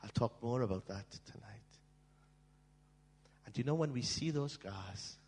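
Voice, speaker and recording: Guy preaching, husky and pushy, dramatic, big church echo. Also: medium pitch, lively intonation, a little slow. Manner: dramatic, swings from hushed to shouting. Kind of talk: storytelling sermon. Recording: long hall reverb.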